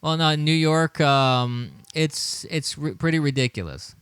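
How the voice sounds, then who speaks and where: A man's voice: on the high side, animated, a little slow, a bit bright, smooth, dry recording. A man hosting a political livestream, talking with indignation, often repeating his words and chuckling as he reads the chat. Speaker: livestream show host.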